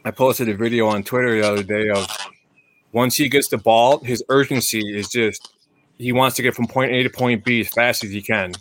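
Male interviewer, relaxed casual chat, mid-range voice. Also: mid-range voice, brisk, slight background noise.

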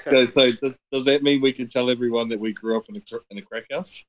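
A man telling family stories in casual chat, swearing freely and animated. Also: mid-range voice, fast talker, rough recording. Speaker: podcast guest. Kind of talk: casual storytelling.

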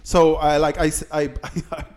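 A man with a notably high-pitched voice hosting a casual podcast. He tells his anecdote loosely, swears a lot and acts out what people said. Each of his lines carries a high, light pitch. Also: level tone, unhurried, a little mellow. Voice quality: swears freely, tells anecdotes with acted-out quotes. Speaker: podcast host. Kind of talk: casual storytelling chat.

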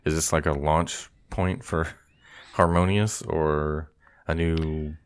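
A man with a very low voice co-hosts a relaxed podcast chat. He thinks aloud as he goes, trailing off into fillers and laughing easily with his co-hosts. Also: takes it slowly, smooth. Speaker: podcast co-host. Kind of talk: casual chat.

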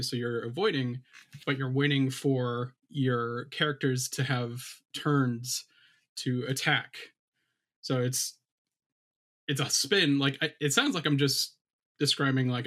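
A man with a bright, forward voice talks on a podcast, gushing and excited. He explains things eagerly in casual chat. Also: mid-range voice. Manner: enthusiastic, gushing. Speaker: podcast co-host.

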